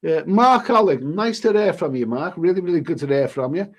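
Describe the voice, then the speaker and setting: A middle-aged man with a British accent chats loosely through viewer messages on a livestream. His voice sits a little high, and he rambles, restarts and swears mildly as he goes. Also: animated, a little fast. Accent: British English. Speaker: travel vlogger hosting a livestream. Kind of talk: casual livestream chat reading viewer messages.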